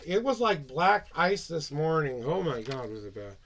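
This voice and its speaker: A man's voice: a little high, sing-song, normal speed, vocal fry, fairly bright tone, a little hiss or hum. A man reading tarot on a live stream, chatty, rambling and upbeat as he talks to his viewers.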